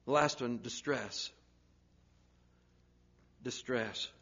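A man preaching a sermon, swinging from loud urgent pleading down to hushed, near-whispered lines. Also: medium pitch, very slow, lo-fi sound.

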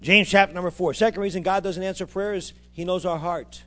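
A man's voice: high-pitched, steady tone, brisk, bright, forceful tone, soft background music. A man preaching a fervent sermon, calling out to his congregation for responses. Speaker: pastor.

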